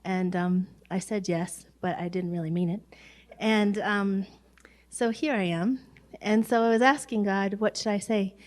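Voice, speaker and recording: A woman's voice: mid-range voice, steady tone, unhurried. A woman giving a short personal talk in a plainspoken, wry storytelling manner.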